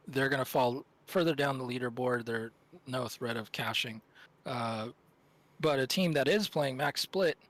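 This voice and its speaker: A man's voice: medium pitch, fairly bright tone. A man commentating a live esports tournament stream, analysing teams in a rambling, self-correcting way.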